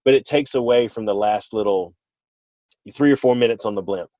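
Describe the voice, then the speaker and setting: A man's voice: on the low side, normal speed, dark tone, no echo. A man co-hosting a podcast, chatting casually in a rambling, playful way and often correcting himself. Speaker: podcast co-host. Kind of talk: casual chat.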